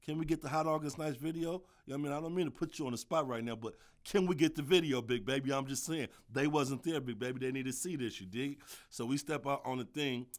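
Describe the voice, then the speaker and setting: A man telling a story on his podcast in a loose, slangy, animated way, with constant "you dig" and "you feel me" asides. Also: mid-range voice, quick pace, few pauses. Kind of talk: casual storytelling monologue.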